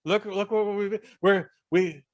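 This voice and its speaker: A man putting on the high, wheedling voice of a scheming old male carnival-showman manager with an odd accent. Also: fairly even intonation, a little slow, a loud crowd.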